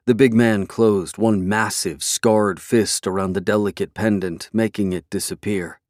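A man narrating a fantasy novel in a measured, even storytelling way. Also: lowish voice, no echo, studio quality. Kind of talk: scripted fantasy audiobook narration.

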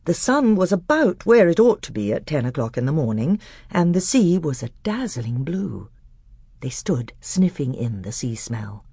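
A woman narrating a storybook aloud with expressive storytelling. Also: sits low, moderate pace, breathy edge, no room sound, clean studio sound. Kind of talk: audiobook reading.

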